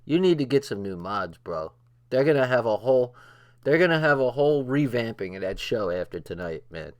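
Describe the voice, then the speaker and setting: Older male streamer, excitable and profane, mid-pitched, laughs through his lines. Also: fairly quick. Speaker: livestream host. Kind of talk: late-night livestream commentary.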